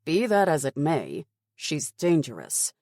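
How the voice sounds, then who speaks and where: Brisk, stubborn middle-aged male officer, voiced by a woman for an audiobook; clipped, dismissive delivery, dry close mic. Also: sits low, wildly swooping pitch, a little mellow, dry recording, exaggerated voice. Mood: stern. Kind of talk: audiobook character voice.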